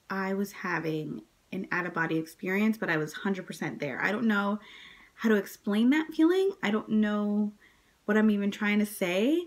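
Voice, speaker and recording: A woman vlogger telling her birth story to camera in a casual, chatty way, full of "like" and "um", jumping up high when she quotes herself and others. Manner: chatty, many fillers, acts out quotes in a high voice.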